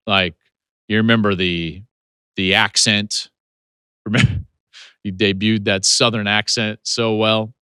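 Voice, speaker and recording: A man with an American accent breaks down the sport on his own podcast, hammering his points home with punchy rhetorical questions. His voice sits a little high for a man and swings widely up and down. The sound is close and dry, with no room around it. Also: a bit bright, no echo. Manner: emphatic, punchy delivery with repeated rhetorical questions. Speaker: podcast host and football analyst. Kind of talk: solo sports analysis podcast.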